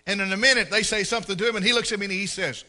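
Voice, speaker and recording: Bright-voiced preacher man. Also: sits high, very fast. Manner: folksy, animated storyteller who acts out scenes. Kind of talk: storytelling sermon.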